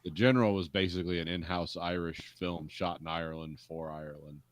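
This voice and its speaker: A man co-hosting a casual film podcast, making dry, wry remarks and quick quips. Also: low-pitched, steady tone, dry recording. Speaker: podcast co-host.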